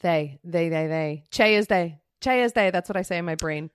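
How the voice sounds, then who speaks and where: A young woman co-hosting a podcast in casual chat, animated and giggly, acting out scenes. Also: fairly low pitch, moderate pace, clear, resonant tone, no room sound, studio quality. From Philadelphia. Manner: giggly, animated, acts out scenes in quoted voices. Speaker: podcast co-host.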